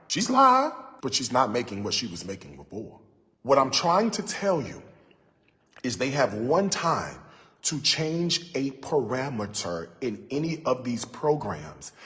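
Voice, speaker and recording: A man's voice: mid-range voice, a bit bright, big-room sound. A man giving impassioned commentary on a livestream, emphatic and preachy, repeating his key points for effect. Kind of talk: impassioned social media commentary.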